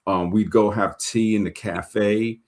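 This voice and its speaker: Low-voiced New York man telling stories. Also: slow. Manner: rambling, animated anecdotes with many fillers. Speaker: show host reading viewer comments. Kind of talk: casual livestream chat and storytelling.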